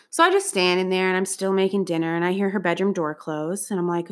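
A young adult woman telling a personal anecdote in a casual, profane and animated way, at times breaking into loud outbursts. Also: on the low side, fast talker, hardly any pauses. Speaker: storyteller.

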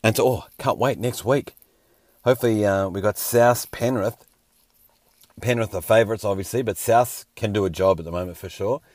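A man's voice: fairly low pitch, moderate pace, a little mellow, no room sound. A man hosting a casual sports round-up, a little scratchy and hungover, with wry joking asides. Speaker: host.

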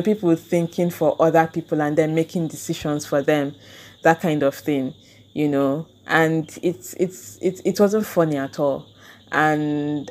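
A woman's voice: fairly low pitch, a little mellow. A young woman, telling a personal story on a podcast and acting out the argument in quoted voices. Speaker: podcast host. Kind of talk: casual storytelling monologue.

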